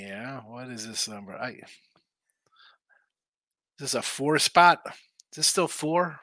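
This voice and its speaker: Tired, rambling man with a bright, dry voice. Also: mid-range voice, expressive, slow, pauses often, dry recording. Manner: laid-back, rambling, slangy, reads chat aloud. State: tired, yawning, injured arm. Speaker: sports betting show host. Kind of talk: casual live-stream chat reading viewer comments.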